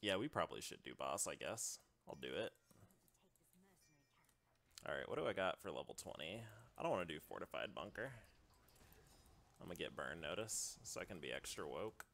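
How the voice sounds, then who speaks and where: Low gravelly man trash-talking over gameplay. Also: big pitch swings, normal speed, long pauses, fairly bright tone. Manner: trash-talking, swears, bursts into laughter and yelps. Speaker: streamer. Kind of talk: live gameplay commentary.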